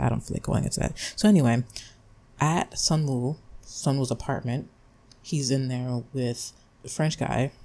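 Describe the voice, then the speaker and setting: A man's voice: mid-range voice, a little mellow. A young man giving a rambling, exasperated spoken review, swearing freely as he recaps the plot. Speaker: vlogger reviewing a drama.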